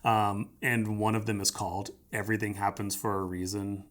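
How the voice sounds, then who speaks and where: A man's voice: lowish voice, little pitch movement, normal speed, a bit bright. A man preaching as a pastor, talking conversationally and emphatically, repeating his points and checking in with "right?". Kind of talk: sermon.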